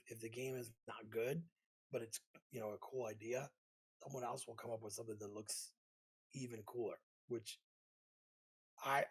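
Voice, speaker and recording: A man's voice: mid-range voice, husky, poor audio. A man co-hosting a gaming podcast, chatting casually and with enthusiasm. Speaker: podcast co-host. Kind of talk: casual chat.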